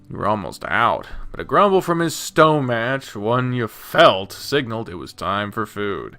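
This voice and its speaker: A game streamer with a fairly low, sing-song voice reads a visual novel at a measured pace, hardly pausing, as faint music plays. He reads the narration softly but breaks off into loud, casual commentary, swearing freely.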